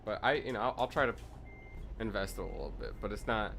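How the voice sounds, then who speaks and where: A man's voice: on the low side, lively intonation, brisk. A young man streaming a truck-driving game from his home setup, chatting casually and telling a heated, profane story. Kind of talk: casual gaming stream chat. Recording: truck engine noise from game. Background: game truck engine and road ambience.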